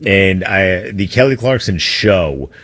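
A man's voice: low-pitched, animated, takes it slowly, fairly bright tone. A man co-hosting a sports radio show, telling stories in a rambling, conversational way. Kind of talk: casual radio chat.

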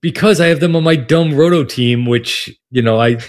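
A man's voice: a little high, normal speed. A man co-hosting sports talk radio, rambling and self-deprecating with many restarts, speaking. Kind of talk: casual sports radio chat.

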